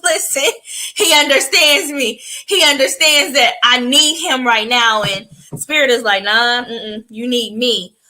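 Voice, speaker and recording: A woman co-hosting a podcast, telling personal stories in casual chat with an expressive, emphatic delivery. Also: high-pitched, rough recording. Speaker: podcast co-host.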